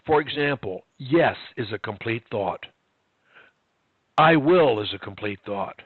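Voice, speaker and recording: A man's voice: lowish voice, expressive, normal speed, breathy edge, no room sound. A man coaching a client one-on-one over a video call, emphatic and instructive, repeating his key phrases. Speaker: stuttering coach. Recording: tinny online call, dry.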